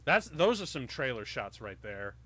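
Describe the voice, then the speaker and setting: Brief: male podcast host, bright tense tone, excited casual commentary, swears freely. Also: medium pitch, normal speed. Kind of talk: movie commentary chat.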